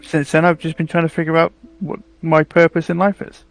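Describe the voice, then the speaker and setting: A man voicing a quiet metal construct with no memory, speaking slowly and reflectively in a tabletop role-play. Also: fairly high pitch, monotone, creaky, faint music behind. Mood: wistful.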